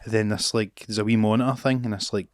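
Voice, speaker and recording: A man's voice: lowish voice, fast, dry recording, studio quality. A Scottish man co-hosting a podcast, telling a childhood story in casual chat and acting out the voices in it. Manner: animated storyteller, acts out voices and screams. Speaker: podcast co-host.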